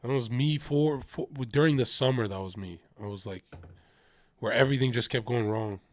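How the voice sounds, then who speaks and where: A man's voice: mid-range voice, normal speed, dry recording. A man in his twenties livestreaming a casual, confessional rant, talking bluntly and swearing freely.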